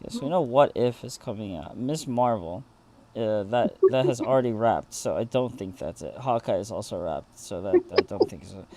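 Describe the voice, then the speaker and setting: A man hosting a livestream interview, talking casually with many pauses and filler words. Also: lowish voice, animated, mellow. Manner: hesitant, lots of fillers and restarts, chatty. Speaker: interview host.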